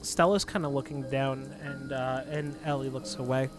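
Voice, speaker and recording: A man's voice: mid-range voice, fairly even intonation, normal speed, over music. A man narrating a tabletop game as dungeon master, in loose narration full of fillers.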